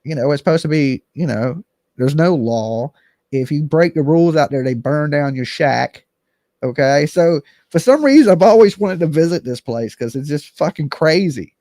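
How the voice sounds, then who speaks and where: A man's voice: fairly high pitch, moderate pace, warm tone, no room sound. Blunt, rambling man, dry close mic. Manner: blunt, rambling, swears casually. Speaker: channel host. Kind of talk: casual livestream commentary.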